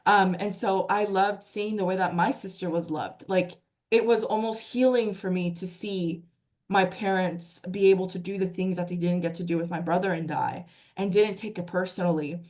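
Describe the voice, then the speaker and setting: A woman hosting a podcast, soft-spoken and heartfelt in casual conversation. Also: fairly low pitch, steady tone, moderate pace. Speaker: podcast host.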